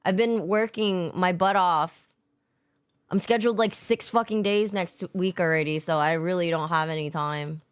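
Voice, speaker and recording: A woman's voice: on the low side, steady tone, normal speed, clear, resonant tone. A woman streamer chatting casually with her viewers after work, tired, loose and giggly, swearing freely and greeting chatters by name. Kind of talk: casual chat with live viewers.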